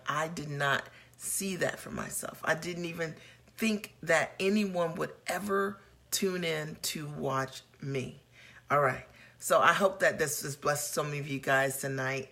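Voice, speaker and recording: Bright-voiced woman coaching live viewers. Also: low-pitched, gravelly. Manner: earnest, personal and encouraging, greets viewers as they join. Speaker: business coach hosting a live broadcast. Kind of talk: motivational live-stream talk.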